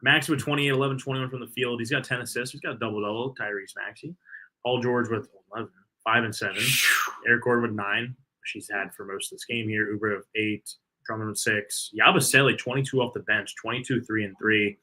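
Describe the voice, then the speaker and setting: Bright-voiced man breaking down stats. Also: medium pitch, fairly even intonation, a little fast, poor audio. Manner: reads out player stats, analytical. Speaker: co-host of a sports watch party. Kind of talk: casual live sports chat.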